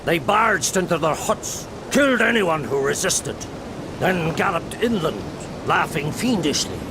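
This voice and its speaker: A man's voice: on the high side, sing-song, measured pace, noisy background. An actor voicing a learned old male druid who speaks in a formal, old-fashioned way, with heavy rain in the background. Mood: earnest. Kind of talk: video game dialogue. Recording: game audio with loud rain.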